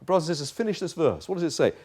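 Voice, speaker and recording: Preaching man with a mellow voice. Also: fairly high pitch, sing-song, rapid-fire, breathy edge. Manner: impassioned, rising to loud urgent pleading; direct rhetorical questions to the congregation. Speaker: pastor. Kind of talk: sermon. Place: chapel.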